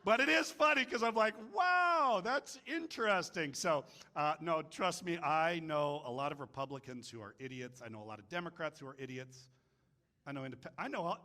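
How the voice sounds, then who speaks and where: A man preaching a casual, joking sermon, telling stories and doing voices for the people in them. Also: mid-range voice. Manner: jokey, animated storytelling with voices. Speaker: pastor.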